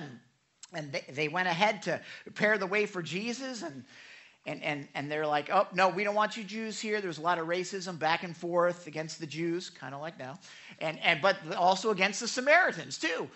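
A male pastor preaching a sermon, telling stories with lots of repeated words and casual voiced paraphrases of the people in them. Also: high voice. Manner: stammering, animated storytelling with voiced paraphrases. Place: church sanctuary.

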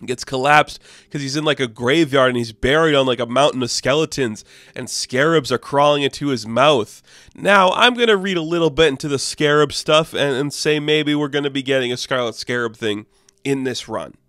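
A man in mid pitch rambles through a comic recap in a loose, profane way, dropping "like" every few words. His voice sits dry and close, with no room sound around it. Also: normal speed, fairly bright tone, dry recording. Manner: loose and profane, full of "like", acts out characters in passing. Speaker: comic book reviewer.

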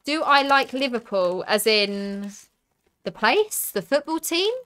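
A young woman from the south of England hosts a live stream, talking through each card she pulls and answering viewers' comments. Her voice is bright and smooth. She speaks at an unhurried pace. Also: fairly high pitch, expressive. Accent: southern English. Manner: chatty, reads out cards and viewer comments. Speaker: streamer opening card packs.

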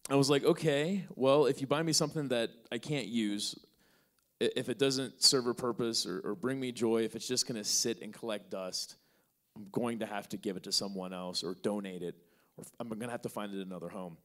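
Speaking fairly quickly in a fairly low voice, this podcast host responds to a live audience's question with a story. He voices both people in the exchange himself, staying relaxed and leaning on plenty of fillers.

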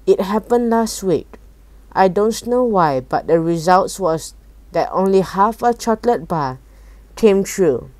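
A woman voicing an eccentric, excitable male candy maker in a raised, lively storybook reading voice. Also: mid-range voice, a little slow, no room sound, close to an everyday voice. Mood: fretful.

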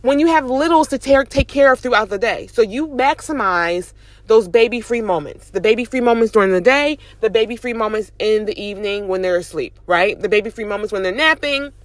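Young mom vlogger, animated and preachy-encouraging, fairly high voice, recorded dry and close while driving. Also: female voice, brisk, no room sound. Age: young adult. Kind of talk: casual motivational talk to camera. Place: in a car, driving.

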